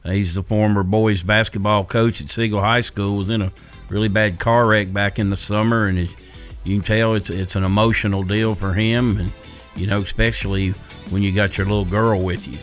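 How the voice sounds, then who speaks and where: A man hosting a sports radio show, asking calm, conversational questions. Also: on the low side, normal speed, soft background music. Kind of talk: radio interview.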